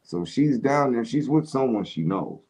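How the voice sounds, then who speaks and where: A man's voice: mid-range voice, animated, normal speed, darkish tone, husky. A man from the Cleveland area talking bluntly and streetwise as a co-host on a casual commentary stream.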